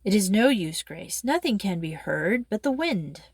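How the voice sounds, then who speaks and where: A woman voicing a stern, cautious older father, speaking low and firmly. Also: big pitch swings, a little slow, breathy edge, dry recording, studio quality, exaggerated voice. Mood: dismissive.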